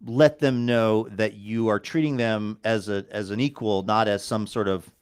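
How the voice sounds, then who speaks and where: A man's voice: on the low side, steady tone, normal speed, smooth. Joking podcast host, a man mid-ramble. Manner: joking, rambling, self-interrupting. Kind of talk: casual chat.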